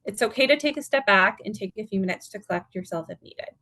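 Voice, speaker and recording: Calm woman teaching caregivers. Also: medium pitch, quick pace, no room sound. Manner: calm, instructive, step-by-step guidance. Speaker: dementia care educator. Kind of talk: virtual seminar presentation. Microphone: video call.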